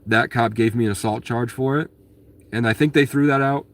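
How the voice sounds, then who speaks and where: A man's voice: mid-range voice, fairly even intonation, a little fast. Guy ranting at his viewers, rambly and aggrieved, lots of restarts, medium voice, swears a lot. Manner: blunt, swears at commenters. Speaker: vlogger answering viewer questions. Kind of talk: casual storytelling monologue.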